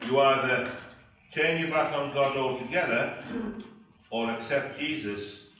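Male preacher, earnest and questioning, slow delivery, bright tone, echoey church hall with the mic far off. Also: medium pitch. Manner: earnest, asks the congregation many questions. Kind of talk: sermon.

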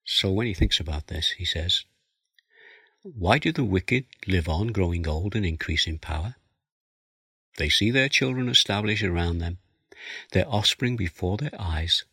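A man's voice: low-pitched, lively intonation, unhurried, pushed and bright, husky, no room sound. A man preaching a sermon, explaining a passage of scripture verse by verse and reading it aloud. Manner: expository, reads scripture aloud.

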